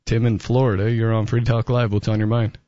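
A male talk radio host who reasons calmly with an amused edge. His voice is dry and slightly muffled. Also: fairly low pitch, fairly quick, dry recording.

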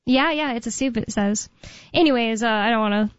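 Giggly chatty woman, fairly high voice. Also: clean tone, no echo. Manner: giggly, chatty, reads news aloud haltingly. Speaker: radio co-host. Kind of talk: casual on-air chat. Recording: dull dry studio sound.

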